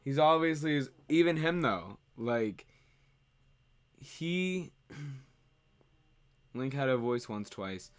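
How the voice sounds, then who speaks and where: A man's voice: medium pitch, slow pace, long pauses. A man streaming, chatting casually and rambling as he answers viewer questions. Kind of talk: casual livestream chat.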